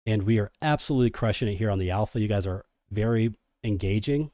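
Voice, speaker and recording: Talking fast in a lowish voice, a man hosts a casual crypto livestream recorded at studio quality with no room sound. He's hype-driven and energetic, calling his audience degens.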